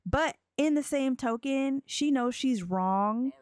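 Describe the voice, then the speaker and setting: A woman's voice: high voice, clean tone, no room sound, clean studio sound. A woman casually narrating a life-sim game, chatty and giggly. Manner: chatty, giggly, slow drawl. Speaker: let's play creator.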